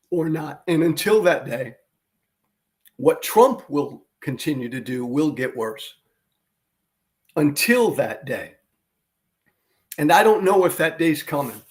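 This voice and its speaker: Host voice, man, slightly high register; fervent, profane, hammers his points home by repeating them. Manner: fervent, blunt, profane, repeats phrases for emphasis. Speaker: political podcast host. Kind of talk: impassioned political monologue.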